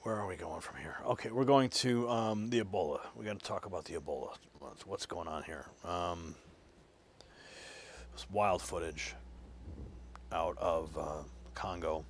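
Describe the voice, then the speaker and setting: A man's voice: deep voice, measured pace, a little hiss or hum. Man hosting a live online news show. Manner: shifts between loud punchy read and quiet muttered asides.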